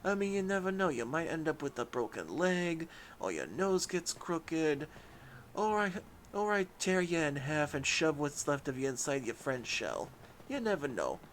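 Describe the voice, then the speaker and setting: A man's voice: on the high side, sing-song, moderate pace, a bit bright. Mob boss, male, mock New York gangster accent, drawling and menacing, as a man puts him on, faint noise. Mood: threatening. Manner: drawling tough-guy threats.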